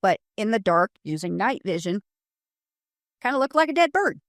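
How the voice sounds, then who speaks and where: A middle-aged woman from Colorado tells a story in a casual interview, full of fillers like "you know". She is animated and acts out what people said. Her voice sits at a middle pitch, and the recording is close and dry. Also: normal speed, no room sound. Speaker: paranormal investigator guest.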